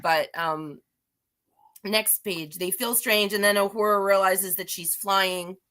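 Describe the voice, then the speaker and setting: A woman's voice: medium pitch, steady tone, slow pace, a bit bright. A woman giving a casual, rambling comic-book recap, chatty and self-deprecating with frequent restarts. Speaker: guest reviewer.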